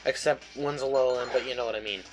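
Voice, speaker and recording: A man's voice: mid-range voice, steady tone, quick pace, music in the background, rough recording. Chatty man commenting on his gameplay. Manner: chatty and jokey, swears freely. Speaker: let's play host.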